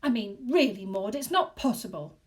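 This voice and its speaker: A woman voicing a panicky, blustering middle-aged husband who shouts and protests, in a storybook reading. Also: mid-range voice, lively intonation, moderate pace, distant mic, natural voice. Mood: indignant. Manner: loud, shouting.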